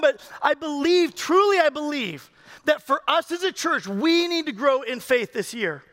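With a very high-pitched, expressive, fairly bright voice at normal speed, a male pastor delivers a sermon. He's conversational and joking with his congregation and coaxes people to come up on stage.

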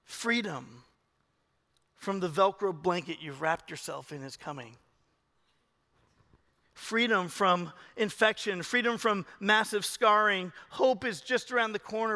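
A male pastor preaching a sermon with passion, moving from hushed to loud as he tells a story. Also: sits high, unhurried, long reverb tail. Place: large church hall with a loft.

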